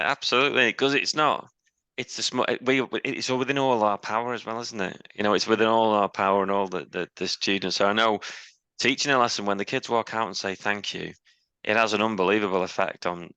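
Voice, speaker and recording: Teacher guy asking questions, bit low, bright forward voice, stumbles over words. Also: smooth, no room sound. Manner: halting, repeats words while forming questions. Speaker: interviewer, teacher. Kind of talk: casual interview chat.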